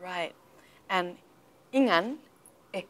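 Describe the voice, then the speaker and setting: Woman, English coach, patient drilling, soft whispered repeats, bright voice. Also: lowish voice. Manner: patient, drills words slowly and often drops to a whisper. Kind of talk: live pronunciation lesson.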